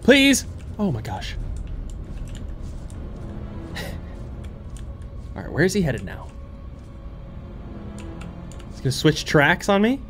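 A man playing a horror game on his channel, commenting excitedly with frequent laughter and panicky outbursts. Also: a little high, slow pace, pauses often, soft background music. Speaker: gaming YouTuber. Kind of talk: let's play commentary.

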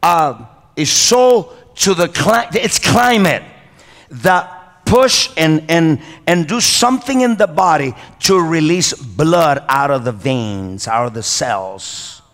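A male pastor preaching a sermon. He calls for amens and praise and often pauses and restarts with non-native phrasing. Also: on the high side, animated, a bit bright. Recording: reverberant church hall.

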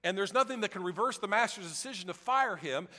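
A male pastor preaches emphatically, repeating key lines and calling on the congregation to say them back. His voice is high, bright and forceful. The sound carries a long echo from a large church hall. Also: lively intonation, fast. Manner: emphatic, repetitive, calls the congregation to repeat after him. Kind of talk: sermon.

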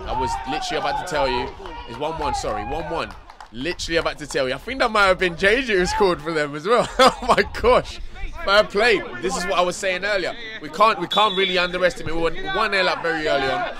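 A young man giving excitable, partisan commentary on his club's match outdoors. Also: a little high, quick pace. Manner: excitable, partisan, casual slang. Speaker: club commentator. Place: outdoors at a football pitch. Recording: loud crowd around the mic. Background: crowd noise.

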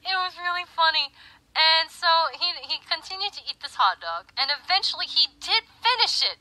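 A young woman telling an animated, exaggerated story in a casual way as a livestreamer. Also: very high-pitched, normal speed, no echo, poor audio.

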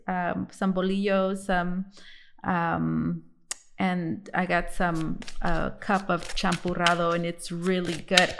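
A woman's voice: lowish voice, a bit bright. A chatty young woman talks through a tarot reading in an easygoing way. She often stops and restarts her sentences and fills the gaps with little fillers. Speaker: tarot reader. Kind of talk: casual tarot reading to camera.

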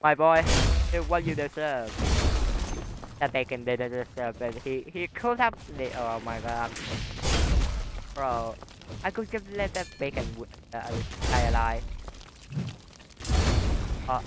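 A man's voice: medium pitch, sing-song, takes it slowly, long pauses, very noisy. A young man giving casual gameplay commentary, rambling with lots of fillers, taunting opponents and yelping when hit. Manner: rambling, filler-heavy trash talk with sudden yelps. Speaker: gamer.

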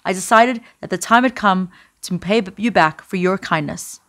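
A woman doing an urgent, hushed male visitor. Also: mid-range voice, moderate pace, lightly acted. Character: grateful grown man, urgent secret warner.

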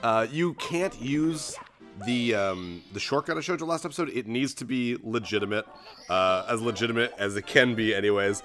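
A man's voice: fairly quick, soft background music. Jokey young man narrating a platform game. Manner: jokey, excitable, jumps into squeaky put-on voices. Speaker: let's play host. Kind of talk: gameplay commentary.

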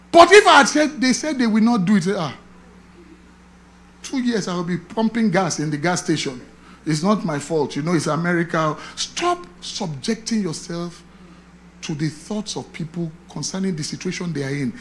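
A man's voice: sits high, moderate pace. A man, a pastor preaching, telling a personal testimony with acted-out dialogue. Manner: animated storytelling, acting out dialogue, chanting affirmations. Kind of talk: sermon testimony.

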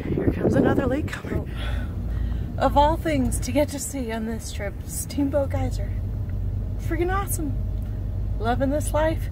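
A woman's voice: sits high, a little slow, noisy background. A woman vlogging a road trip, gushing and a bit out of breath as she talks to her camera. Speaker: RV travel vlogger. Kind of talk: excited travel vlog. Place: outdoors by a geyser, then inside her vehicle.

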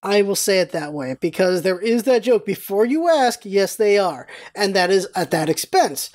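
A woman hosting a casual vlog, telling stories in an animated, rambling way with exclamations and some swearing. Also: medium pitch, moderate pace. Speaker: vlog host.

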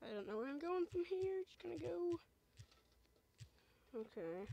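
A young woman's very high, creaky voice, dark in tone with big pitch swings, moves at a measured pace as she plays a video game. Her casual let's play commentary is goofy: she talks to the game, jokes with enemies, and shrieks when things go wrong.

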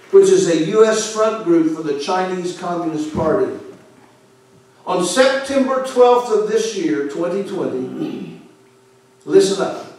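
In a church sanctuary, a fiery male pastor preaches a sermon in a fairly high voice, forcefully stressing some words and suddenly dropping low on others. Heavy echo fills the hall, and he sounds far from the microphone.

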